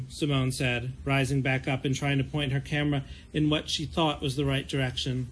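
A man, an author, giving a steady, measured reading of his own fiction. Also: medium pitch, slight background noise.

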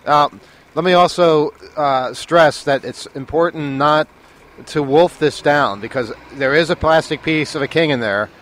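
A man's voice: a little high, a little slow, fairly bright tone. Joking man on a street balcony. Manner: joking, chatty, laughs often. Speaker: co-host. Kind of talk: casual chat. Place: hotel balcony above a busy street. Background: street traffic.

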